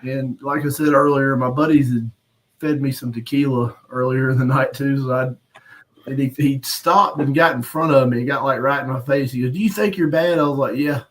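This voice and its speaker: A man's voice: medium pitch, fairly even intonation, normal speed, low-quality recording. Profane man telling a bar story. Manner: profane, blunt, laughs at his own story. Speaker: podcast host. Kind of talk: casual storytelling on a live stream.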